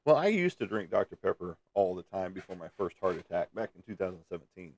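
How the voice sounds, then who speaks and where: A man's voice: low-pitched, big pitch swings, quick pace, a little mellow. A man hosting a casual livestream, rambling in a folksy way and chuckling as he answers viewer comments. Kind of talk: casual chat.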